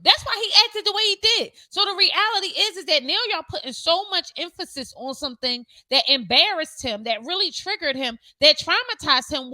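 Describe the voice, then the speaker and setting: A woman's voice: high voice, bright, forceful tone, no echo, poor audio. A young woman co-hosting a casual podcast chat, blunt and emphatic, swearing freely as she argues her point. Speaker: co-host. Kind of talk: casual podcast chat reviewing a reality show.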